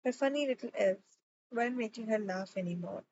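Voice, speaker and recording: A woman narrating a novel chapter in a calm, measured reading. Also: a little high. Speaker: audiobook reader. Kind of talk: audiobook narration. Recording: slightly dull recording with faint noise.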